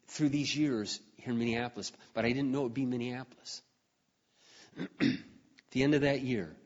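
Middle-aged guy preaching, earnest, keeps clearing his throat, big echoey hall, kinda muffled sound. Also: mid-range voice. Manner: earnest storytelling, rising to fervent outbursts. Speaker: pastor. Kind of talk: sermon. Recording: dull recording with long hall reverb.

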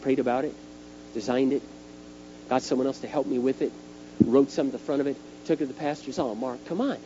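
A middle-aged man preaching a sermon, telling stories in an animated way and acting out the scenes. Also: mid-range voice, fast talker. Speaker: youth speaker. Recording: dull lo-fi tape with faint hum.

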